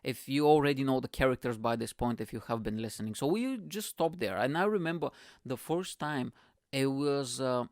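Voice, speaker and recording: Joking, profane Balkan-born podcast host. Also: male voice, mid-range voice, moderate pace, no echo, studio quality. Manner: playful, profane, self-mocking. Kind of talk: comedic storytelling monologue.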